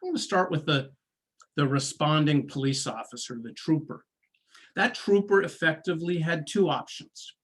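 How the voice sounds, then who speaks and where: A man, a former prosecutor, telling a story in a talk, slow and deliberate, acting out the people he quotes. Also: a little high, a bit bright. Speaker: guest speaker, former prosecutor.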